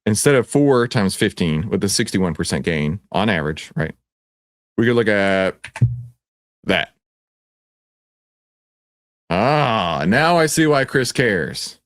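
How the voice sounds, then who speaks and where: Man, Texan accent, livestream host, playful teasing, very lively pitch. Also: slow pace, long pauses, no echo, clean studio sound. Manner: playful, teasing, excitable with sudden high shouts. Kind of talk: animated livestream presentation.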